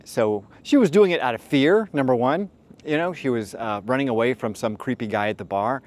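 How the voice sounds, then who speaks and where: A man's voice: mid-range voice, brisk, a little mellow. A middle-aged man giving dating advice as a host, telling stories in a casual, rambling way with frank, profane asides and many fillers. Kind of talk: casual storytelling monologue.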